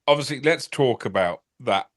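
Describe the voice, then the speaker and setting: Male co-host, middle pitch, friendly and direct interviewer. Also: animated, moderate pace. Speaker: podcast co-host. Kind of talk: interview questions.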